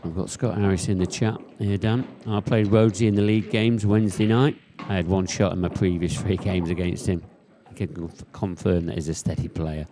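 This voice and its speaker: A man's voice: low voice, fairly even intonation, fairly quick, few pauses, noisy background. A man commentating live on a pool match in a casual, chatty way and reading viewer comments aloud.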